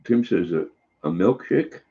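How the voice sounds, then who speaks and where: An older man hosting a casual livestream, slowly reading out viewer comments and cooing fondly at his dog. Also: deep voice, lively intonation, gravelly, husky. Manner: slow, folksy, reads comments aloud and coos at his dog. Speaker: livestream host. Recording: slightly dull lo-fi sound.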